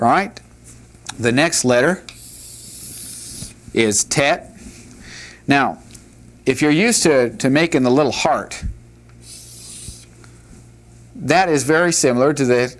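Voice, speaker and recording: A man teaching a lesson at a whiteboard, patiently repeating each letter and joking now and then. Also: mid-range voice. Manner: plain-spoken, with light jokes. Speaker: Hebrew teacher.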